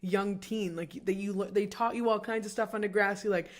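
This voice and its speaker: A woman's voice: medium pitch, fairly even intonation, brisk. A young woman co-hosting a podcast, talking casually and filling her speech with "like" and "um". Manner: chatty, fills speech with "like" and "um". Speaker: podcast co-host. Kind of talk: casual chat.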